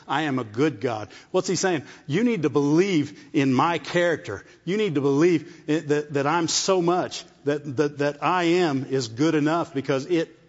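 Preaching in a fairly high voice, a man checks in with listeners and repeats phrases as he builds toward his point, using call-and-response asides. The hall is large, giving a long reverb, and the recording sounds dull and muffled.

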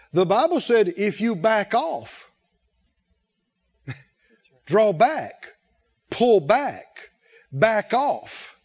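A man preaching in church, reading scripture aloud and drawing call-and-response from the congregation. His voice sits high for a man. The recording is dull and lo-fi. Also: darkish tone, breathy edge. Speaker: pastor. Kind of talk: sermon.

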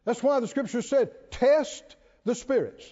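In an animated sermon, a male preacher uses a high, swinging voice with warm, mellow colour, drawing out stresses slowly and emphatically and chuckling from time to time. The audio is dull and lo-fi, with a large hall's long reverb tail.

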